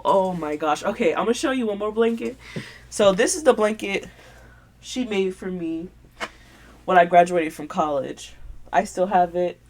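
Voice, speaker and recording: A woman's voice: fairly low pitch, a little mellow. A woman hosting her podcast in casual show-and-tell chat, gushing and sentimental, with lots of filler words. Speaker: podcast host.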